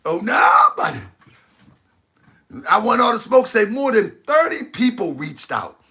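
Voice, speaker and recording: A man's voice: sits high, sing-song, measured pace, sharp tone. A man hosting a livestream commentary show, talking to his viewers, exclaiming and laughing often. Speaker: host of an online talk channel.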